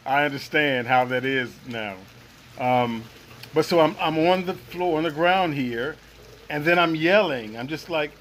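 A man's voice: a little high, animated, unhurried, a bit bright, slight background noise, poor audio. A man earnestly recounting a personal experience in first person, reflective and searching for the right words. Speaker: guest sharing a personal experience.

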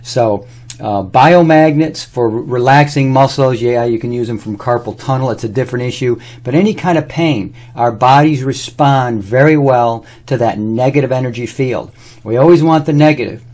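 Using his own body to demonstrate a health product, a man talks to camera in a relaxed, rambling way, sharing anecdotes. He has a darkish, medium-pitched voice and speaks at normal speed.

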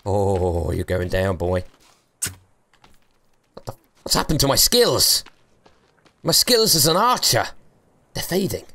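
A young man streams a survival game and talks over it, cheeky and taunting. His pitch leaps around constantly, and he laughs often between his jibes. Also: lively intonation, slow pace, pauses often, sharp tone, slight background noise. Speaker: gaming streamer. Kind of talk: let's play commentary.

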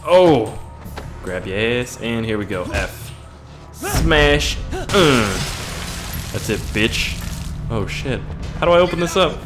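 Excitable, profane young man gaming. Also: lowish voice, a little slow. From Canada. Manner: excitable, profane, laughing reactions. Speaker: gaming channel host. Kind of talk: let's play commentary. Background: game music and sound effects.

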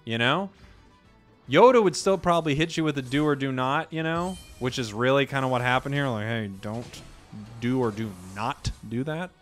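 A man's voice: mid-range voice, moderate pace, soft background music. A man giving casual, joking commentary while playing a video game, ranting at teammates. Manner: joking, animated, rants at teammates. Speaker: gaming streamer.

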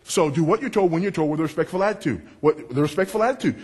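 A husky, slightly breathy male preacher with a big voice delivers a sermon. He speaks emphatically and wryly and works the crowd. His voice swings from loud to low. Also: animated, quick pace, hardly any pauses. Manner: confessional and wry, working the crowd.

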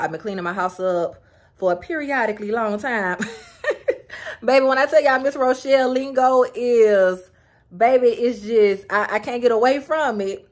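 A woman vlogger chatting to camera at home, animated and talkative, calling her viewers y'all, girl and baby. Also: medium pitch. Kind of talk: casual get-ready-with-me chat to camera.

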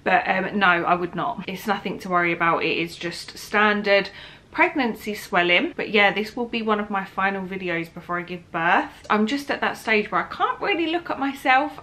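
A woman's voice: mid-range voice, pushed and bright. A young woman, tired and heavily pregnant, chatting candidly through a snack taste test and talking while she eats. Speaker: vlogger. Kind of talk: casual taste-test vlog.

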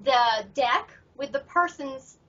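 A woman's voice: high-pitched, animated, slow pace, a bit bright. A middle-aged woman, a professional tarot reader, chatting upbeat about her work as an interview guest. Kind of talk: casual interview chat. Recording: muffled audio from far off the mic.

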